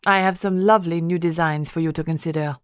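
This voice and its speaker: A woman's voice: fairly low pitch, fairly even intonation, fast, smooth, no room sound, clean studio sound, natural voice. A woman voicing a poised female French dressmaker with a French accent and clipped, formal replies. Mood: polite.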